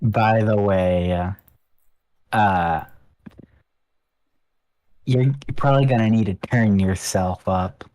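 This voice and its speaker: A man co-hosting a game stream, joking in a deadpan way with short, dry remarks. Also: fairly low pitch, slow pace, pauses often, rough recording. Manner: deadpan, drawls one-word jokes. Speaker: co-host. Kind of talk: casual game stream chat.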